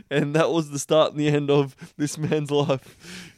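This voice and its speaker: A man's voice: on the high side, level tone, measured pace, no echo, clean studio sound. A man with an Australian accent hosting a podcast, blunt and brash, swearing freely in casual chat. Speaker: podcast host.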